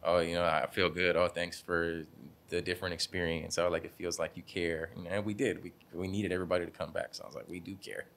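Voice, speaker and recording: A young man with a very low, deep voice tells stories from his barbershop in a relaxed interview. He talks loosely with slang, laughs easily and slips into the voices of people he quotes. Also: fast talker, vocal fry, few pauses, slight background noise. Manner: laid-back, laughing, slangy, acts out quotes. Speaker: barbershop owner, guest. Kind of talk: casual interview storytelling.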